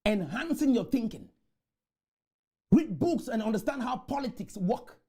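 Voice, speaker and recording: A man delivers a rousing motivational talk to a conference crowd. His mellow, dark voice leaps up and down in pitch as he repeats rallying lines and breaks into shouts. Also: big pitch swings, unhurried, husky. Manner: exhorting, repetitive chants, bursts into shouts. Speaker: motivational speaker. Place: conference room.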